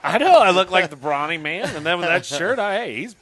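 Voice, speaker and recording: A man's voice: high voice, brisk, a loud crowd. A middle-aged man co-hosting a live stream, bantering and laughing with mock indignation. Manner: animated, laughing, indignant teasing. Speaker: co-host.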